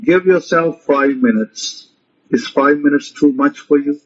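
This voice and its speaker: A rabbi teaches a motivational religious lecture, speaking emphatically and repetitively and frequently issuing commands to his listeners. His voice is a little high and husky, with a measured pace. The audio is muffled and lo-fi.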